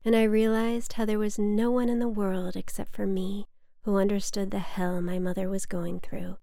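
Woman, memoir reading, measured, wry, gravelly voice, dry close mic. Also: mid-range voice, little pitch movement, dark tone, dry recording. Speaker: memoir narrator. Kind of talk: reading a personal story aloud.

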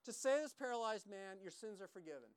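A man's voice: high-pitched, lively intonation, fast, clear, resonant tone, no room sound. A man preaching a sermon, emphatic and repetitive, acting out quoted lines as he teaches. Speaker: pastor.

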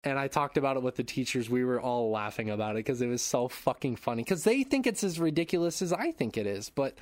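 Guy hosting a podcast at home, cursing, jumps into big shouty impressions, super dry close mic sound. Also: mid-range voice, quick pace, no echo. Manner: animated storytelling, swears freely, acts out shouts. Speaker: podcast host. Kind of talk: casual chat. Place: home room.

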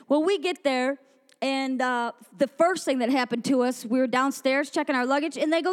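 High-pitched lady preacher telling a lively story at a women's event, does all the voices. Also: normal speed, long reverb tail. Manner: animated, acts out quoted voices. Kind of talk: storytelling sermon to a women's gathering.

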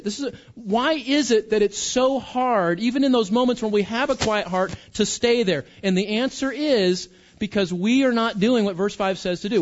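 A man's voice: high voice, muffled recording. A man preaching a conversational sermon as pastor, often restarting and repeating words.

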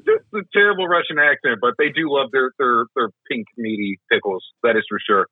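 A man's voice: medium pitch, fairly quick, husky, no echo. A man co-hosting a podcast, trading crude jokes in casual banter. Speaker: podcast co-host. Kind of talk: casual joking chat. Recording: dry thin phone-like line.

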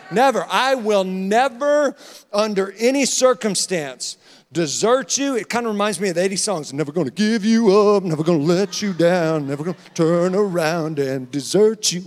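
A man's voice: high-pitched, big-room sound. A man preaching a sermon as pastor, emphatic and joking, calling out to his congregation. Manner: emphatic, calls out to the congregation, jokes. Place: church sanctuary.

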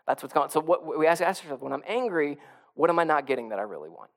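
A man's voice: fairly high pitch, expressive, quick pace. Guy preaching, chatty sermon style, restarts his sentences a lot. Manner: conversational preaching, repeats and restarts, rising to emphatic. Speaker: pastor.

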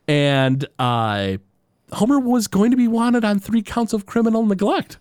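A man's voice: medium pitch, moderate pace, no room sound, studio quality. A man co-hosting a casual podcast, retelling an episode and acting out the quotes as he goes. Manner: animated storyteller who acts out quotes. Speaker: podcast co-host. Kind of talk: casual episode recap chat.

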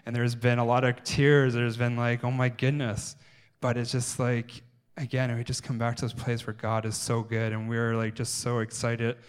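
Flat-voiced emotional male pastor. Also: medium pitch, clear, resonant tone. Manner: emotional, rambling, stops and restarts phrases. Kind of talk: sermon-style address. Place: church sanctuary.

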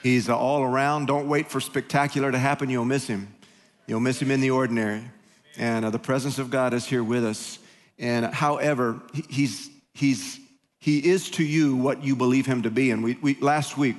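A male pastor preaching a sermon in a conversational, joking way, speeding up in bursts and restarting his sentences. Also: medium pitch. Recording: long hall reverb.

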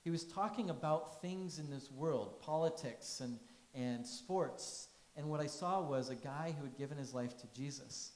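A man's voice: a little high, moderate pace, a little mellow, reverberant, rough recording. A man giving a conversational sermon, telling stories and asking the congregation questions. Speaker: pastor.

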